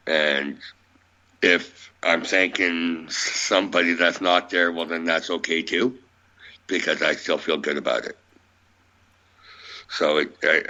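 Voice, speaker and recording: A man's voice: very deep voice, pushed and bright. A man speaking as a radio guest, musing about beliefs in a plainspoken, rambling way. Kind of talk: conversational radio interview. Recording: dull lo-fi audio.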